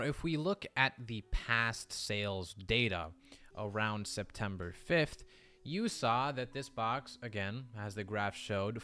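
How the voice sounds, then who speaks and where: A man's voice: mid-range voice, a bit bright. A man giving casual, emphatic commentary on the trading card market in a vlog, explaining with frequent restarts.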